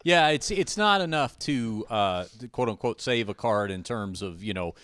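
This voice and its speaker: A man hosts a relaxed podcast, drifting through anecdotes with frequent fillers and restarts. His voice sits in an ordinary middle register. The sound is dry and close, with no room around it. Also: medium pitch, normal speed, smooth, dry recording. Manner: rambling storyteller, many uh fillers. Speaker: podcast host. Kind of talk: casual podcast chat. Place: a house.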